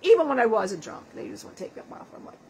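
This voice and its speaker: A woman's voice: on the high side, sing-song, very fast, vocal fry, a little mellow, a little hiss or hum, rough recording. A woman channeling the spirit of a dead man in a session, talking in a profane, self-mocking way and laughing often. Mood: brash joking.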